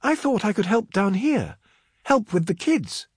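A caring young woman soothes a crying child, gentle but firm, in a storybook reading, as a man puts her on. Her voice sits well above the narrator's and stays husky and dry. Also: mid-range voice, animated, a little slow, no room sound, voice pushed up. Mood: urgent.

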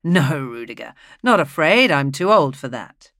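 A man's voice: fairly high pitch, very animated, unhurried, bright, forceful tone, dry recording, studio quality, exaggerated voice. A reader voicing a solemn old northern man. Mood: calm.

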